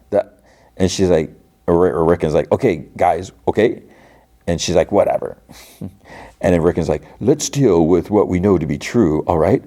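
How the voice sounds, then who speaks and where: Man, podcast host, low voice, mellow tone, casual recap, quotes characters. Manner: retells scenes by quoting characters in plain voice, laughs often.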